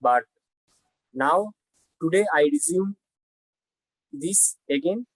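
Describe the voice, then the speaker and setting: Young bengali-accented woman on a video call, lowish voice, halting and hesitant. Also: expressive, dry recording, poor audio. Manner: hesitant, halting, repeats words. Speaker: English learner. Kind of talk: online lesson conversation.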